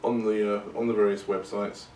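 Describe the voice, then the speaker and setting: Lowish guy rambling through a podcast, joking at his own expense, kinda far from the mic. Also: little pitch movement, brisk, warm tone, slight background noise. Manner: rambling and self-deprecating. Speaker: podcast host. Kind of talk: casual monologue. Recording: roomy and distant from the mic.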